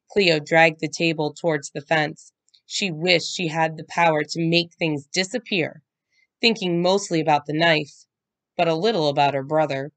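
A woman reading a children's chapter book aloud, with slow, expressive storytelling. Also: deep voice. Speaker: guest reader.

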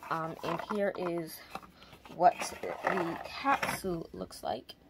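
A young woman talks casually from her home, rambling easily with frequent ums. Her voice sits on the low side. Steady background noise runs under the recording. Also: slow pace. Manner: relaxed, rambling with many ums. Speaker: vlogger. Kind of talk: casual chat.

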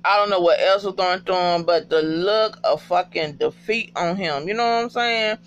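A man casually recapping a TV episode in a profane, emotional, animated storytelling way. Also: high voice, moderate pace, clean tone, lo-fi sound.

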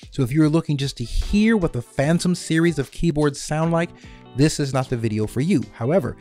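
A man's voice: mid-range voice, mellow. A man talking casually through a detailed product comparison, repeating numbers for emphasis. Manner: conversational, repeats figures for emphasis. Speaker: keyboard reviewer.

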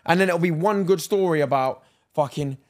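A young man with a British accent co-hosts a casual podcast chat. He rants and swears freely, now and then slipping into mocking impressions. His voice sits a touch higher than most men's. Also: normal speed, a little mellow. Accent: British English. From United Kingdom. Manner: ranting, swears a lot, mock impressions. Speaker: podcast co-host.

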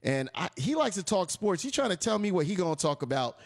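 Loud-mouthed guy hosting a live talk show, kinda high voice, cusses a lot, runs the show his way. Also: big pitch swings, a little fast, vocal fry. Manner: brash, swaggering, swears freely. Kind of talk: casual live show chat.

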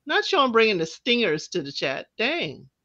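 A man's voice: high voice, wildly swooping pitch, normal speed, highs cut off, crowd noise. A man co-hosting a podcast in casual chat, dropping wry, joking asides. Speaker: podcast co-host.

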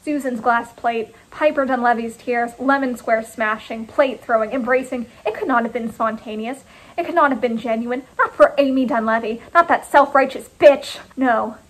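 Woman author narrating her own first-person story, clipped and deliberate, higher voice. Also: fairly even intonation, poor audio.

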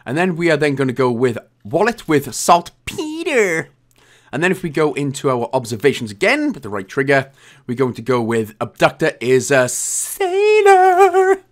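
A man from Wales giving a casual, jokey game walkthrough, chatty and often correcting himself. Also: on the high side. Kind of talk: casual gameplay commentary.

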